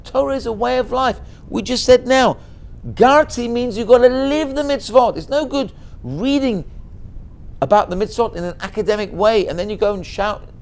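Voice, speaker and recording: A middle-aged man giving a Torah lesson as a rabbi, telling a story in a lively way and mixing in Hebrew and Yiddish words. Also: high voice, vocal fry.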